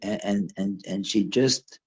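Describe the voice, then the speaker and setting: Low husky guy telling a story on a zoom class, stumbles and repeats himself a lot. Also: rough recording. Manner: halting, repeats words, many fillers. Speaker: teacher. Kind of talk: storytelling lesson over video call. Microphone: video call.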